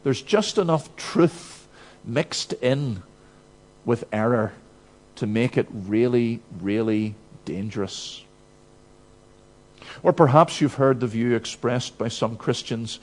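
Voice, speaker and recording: A man's voice: mid-range voice, slow pace, pauses often. A male preacher giving an expository sermon, emphatic and full of rhetorical questions.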